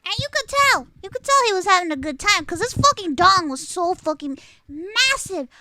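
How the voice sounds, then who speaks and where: Squeaky high-voiced woman telling crude stories. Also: normal speed, dry recording. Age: adult. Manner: crude, profane, animated storytelling. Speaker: streamer. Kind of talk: casual storytelling to stream chat.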